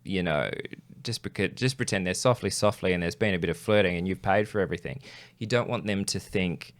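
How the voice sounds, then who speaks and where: Deep-voiced man calmly summing up. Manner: agreeable listener, short backchannels, measured summaries. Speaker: podcast host. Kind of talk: casual podcast chat.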